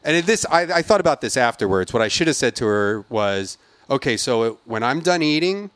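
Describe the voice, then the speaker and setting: A man on a podcast tells a rant in a loose, cursing, animated way, acting out each voice. His pitch sits in the middle range. The sound is dry and close, with no room echo. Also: fairly quick, smooth. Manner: profane, animated storyteller who acts out quotes. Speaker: podcast host. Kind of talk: casual ranting story.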